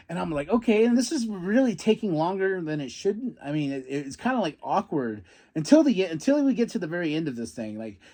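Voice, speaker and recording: Excitable man recapping wrestling, slightly high. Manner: animated, swears, bursts of yelling when excited. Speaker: podcast host recapping wrestling.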